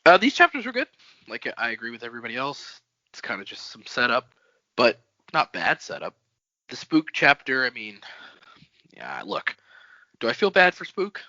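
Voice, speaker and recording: A man co-hosting a book podcast, chatting bluntly in a lively, jokey way. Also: medium pitch, moderate pace, long pauses, dry recording. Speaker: podcast co-host. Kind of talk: casual book-club chat. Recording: dry, dull lo-fi audio.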